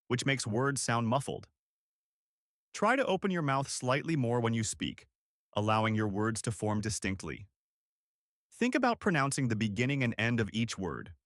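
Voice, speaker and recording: A male instructor narrates a scripted lesson with clear, deliberate articulation. His pitch swings widely and expressively. The sound is close and dry, with no room around it. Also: a bit bright, no room sound. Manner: clear, deliberate coaching delivery.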